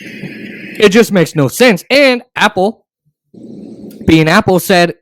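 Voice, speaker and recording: A man hosts a casual tech podcast in a fairly high voice. He is opinionated and sarcastic, and he often trips over and restarts his sentences. The sound is dry and close. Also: lively intonation, unhurried, fairly bright tone, no echo. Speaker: podcast host.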